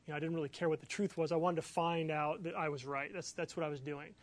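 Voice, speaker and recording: High-voiced excitable male pastor. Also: fast, no echo. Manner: animated, excitable storytelling with many fillers. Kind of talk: sermon storytelling.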